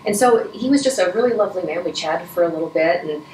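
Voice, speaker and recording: A woman's voice: fairly low pitch, expressive, quick pace, darkish tone. A middle-aged woman answering interview questions, earnest and emotional, with many restarts and moments where she chokes up. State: choked up at times. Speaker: interview guest, Rotary vice president. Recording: echoey room, from a distance, faint noise.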